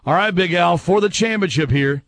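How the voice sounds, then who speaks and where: A man's voice: high voice, a crowd in the background. A man hosting a fill-in-the-blank quiz on a talk show, teasing and laughing with the panel. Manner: playful, teasing, quick to laugh. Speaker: quiz host. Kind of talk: casual radio banter.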